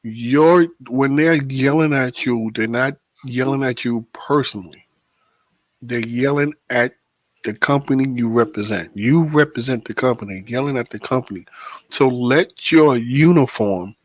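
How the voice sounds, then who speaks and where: A man's voice: medium pitch, no echo. Ny guy cohosting a podcast, laughs a lot, cusses, dry close mic. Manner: animated, laughs often, swears. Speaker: podcast co-host, transit worker. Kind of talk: casual chat.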